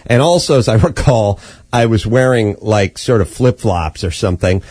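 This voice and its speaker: A man's voice: on the low side, lively intonation, moderate pace, a little mellow, no room sound. A middle-aged man hosting a podcast, telling a casual story in a wry, profane way and acting out the voices of the people in it. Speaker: podcast host.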